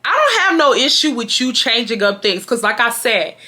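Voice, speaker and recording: A young woman from Houston, telling a storytime to her viewers in a slangy, emphatic, animated way. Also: fairly high pitch, normal speed. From Houston, Texas. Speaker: YouTuber. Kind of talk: casual storytime vlog.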